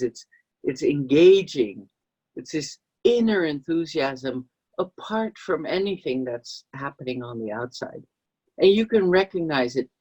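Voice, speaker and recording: A woman who is a business coach and trainer, explaining a concept to camera and acting out short example voices in a lively way. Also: low-pitched, breathy edge, lo-fi sound. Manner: acts out example voices with a lively, expressive delivery.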